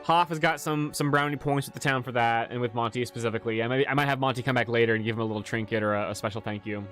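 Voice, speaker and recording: A man chats casually on his livestream as a game master, rambling through stories with frequent restarts and plenty of swearing. His voice sits at an ordinary middle pitch, with faint music playing behind him. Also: racing, fairly bright tone.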